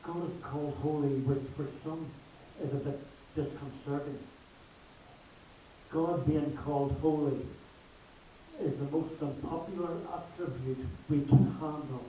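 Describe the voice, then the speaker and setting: A man preaching a sermon slowly and emphatically, his voice rising on repeated words. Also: on the high side, fairly even intonation, mellow. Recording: echoey hall from far off, faint hiss.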